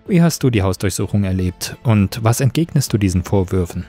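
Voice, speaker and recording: Male interviewer, mellow, measured question, faint music underneath. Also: fairly low pitch, animated. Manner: measured, reads a long question.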